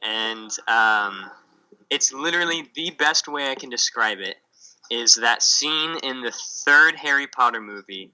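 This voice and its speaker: A man's voice: mid-range voice, expressive, measured pace, pushed and bright, clear, resonant tone, rough recording. A young man from the USA, a missionary, telling stories in a rambling way on a video call, with lots of filler words. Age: young adult. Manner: rambling storyteller, heavy on fillers like "like" and "um". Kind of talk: casual chat on a video call.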